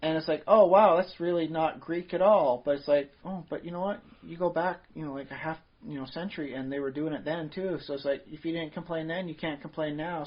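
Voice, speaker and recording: A man's voice: fairly high pitch, fairly even intonation, a little fast, hardly any pauses. Rambling podcast man, lo-fi sound. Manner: rambling, many fillers and restarts. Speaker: podcast co-host. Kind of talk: casual chat. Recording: dull lo-fi podcast audio.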